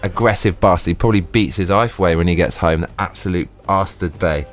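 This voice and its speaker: A man live streaming, ranting and swearing in excited bursts. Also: low-pitched, a little fast, soft background music. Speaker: livestreamer.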